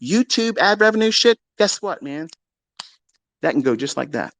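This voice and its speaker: A man on a heated, profane rant, taunting his critics and bragging, with a voice that sits a little high for a man. He jumps from loud outbursts to low mutters. The sound is dry and close, with no room echo. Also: big pitch swings, normal speed, creaky. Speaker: trading educator hosting a live audio room.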